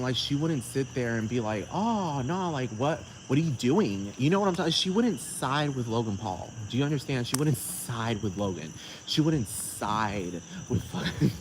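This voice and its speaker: Male solo podcaster, casual profane rambler, mid pitch, echoey outdoor take with clear crickets behind. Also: noisy background. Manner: rambling, profane, keeps asking "you know what I'm talking about". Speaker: podcast host.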